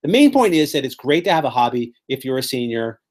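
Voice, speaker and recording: Lively, animated man teaching memory tricks. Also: medium pitch, quick pace. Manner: animated, playful storytelling with vivid imagery. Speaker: presenter teaching memory techniques. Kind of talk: live workshop teaching.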